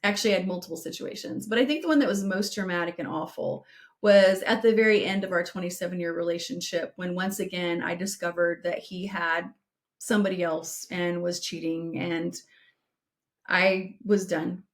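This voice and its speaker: Middle-aged woman, podcast co-host, earnest and direct, slows down to stress key points. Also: lowish voice, fairly even intonation. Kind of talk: advice podcast with personal storytelling.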